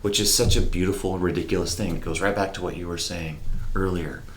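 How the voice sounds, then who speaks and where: Interview guest, male, very deep voice, candid reflective storyteller, animated delivery. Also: fairly quick, a little hiss or hum. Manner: candid, animated, mimics horn sounds.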